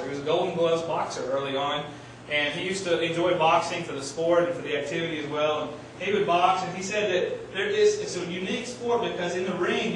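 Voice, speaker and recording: A man preaching a sermon, telling animated stories and shouting out the lines he quotes. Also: sits high, noisy background. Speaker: pastor. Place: church sanctuary. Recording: echoey church hall, mic at a distance.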